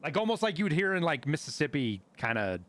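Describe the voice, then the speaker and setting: A man from Montana, a streamer telling stories in casual chat, animated and full of swearing. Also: on the high side, quick pace. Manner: profane, animated storyteller.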